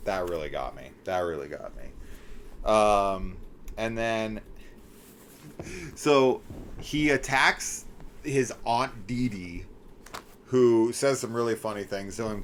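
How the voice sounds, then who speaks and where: A middle-aged man talking through a horror film in a casual spoiler discussion, animated and incredulous, swearing and acting out scenes. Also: fairly low pitch, slight background noise. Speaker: horror movie reviewer.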